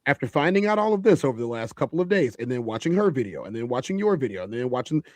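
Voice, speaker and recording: A man's voice: mid-range voice, sing-song, fast, no room sound. A man hosting a heated panel discussion, emphatic and repeating phrases for stress.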